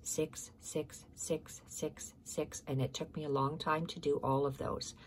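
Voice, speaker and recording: A woman's voice: deep voice, flat delivery, a little slow, a little hiss or hum. A woman hosting a casual stitching tutorial, explaining step by step, repeating measurements and correcting herself, sometimes dropping to a near-whisper.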